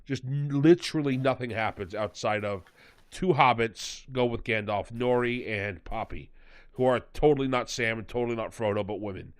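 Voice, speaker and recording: A man talks through a show recap in a loose, rambling way, with a sarcastic edge. His voice sits at an ordinary middle pitch. The sound is dry and close, with no room around it. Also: moderate pace, clear, resonant tone, no room sound. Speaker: podcast host. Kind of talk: casual review chat.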